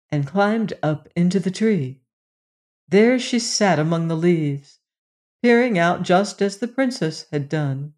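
A storyteller reading a fairy tale aloud in a slow, measured way. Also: mid-range voice, a little mellow.

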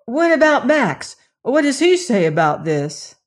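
A reader voicing a defiant young woman who protests loudly against a police officer in a told story. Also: mid-range voice, expressive, normal speed, natural voice. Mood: uneasy, insistent. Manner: fierce, loud protesting.

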